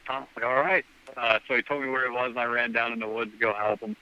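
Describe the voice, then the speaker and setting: A man's voice: mid-range voice, big pitch swings, fast, creaky, clean tone, muffled recording. A man as a podcast guest, telling a rambling story and acting out the dialogue with "I'm like" quotes. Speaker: guest hunter. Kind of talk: casual storytelling.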